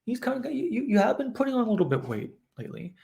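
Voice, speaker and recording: A man voicing a woman's inner voice in a high, mock-reasonable falsetto as he acts out a quoted thought. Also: sing-song, rapid-fire, creaky, a little mellow, heavily acted.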